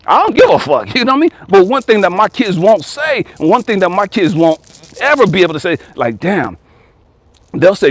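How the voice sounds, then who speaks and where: A man in his forties talks straight and profane as a life coach. His pitch sits high for a man and swings widely, and the recording is dry and close. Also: sing-song, a little fast, no echo. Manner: blunt, profane, emphatic. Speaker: life coach and channel host. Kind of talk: casual motivational monologue.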